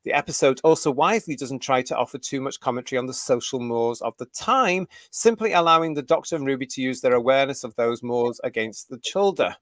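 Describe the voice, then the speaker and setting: A middle-aged British man co-hosting a fan talk show, blunt and opinionated, reading articles aloud with halting restarts. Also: mid-range voice, animated, fairly bright tone, no echo, clean studio sound. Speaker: co-host.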